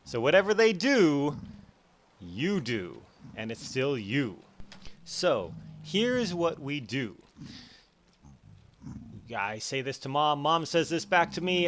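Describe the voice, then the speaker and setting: A man explaining psychology in a casual, animated way over gameplay, acting out his own thoughts in quick bursts. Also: on the high side, a little hiss or hum. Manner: animated, acts out his own inner voices. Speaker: educational YouTuber.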